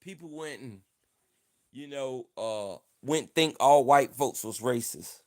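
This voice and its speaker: A man's voice: mid-range voice, takes it slowly, a little mellow. A man hosting a casual livestream, talking in a playful, boastful way and repeating his lines over and over. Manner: playful, repeats himself, boastful mock-campaign talk. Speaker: livestream host.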